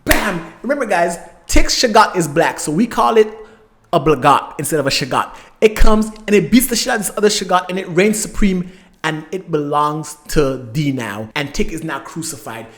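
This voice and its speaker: A man hosting an episode recap, retelling scenes with lively, emotional reactions. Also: fairly high pitch, moderate pace. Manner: animated, emotional storytelling with acted-out reactions. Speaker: host.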